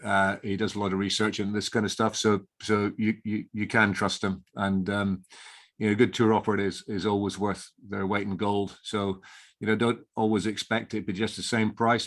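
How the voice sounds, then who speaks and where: A middle-aged man, an inn owner, chatting as a guest in a casual interview, rambling with many restarts and fillers. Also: on the low side.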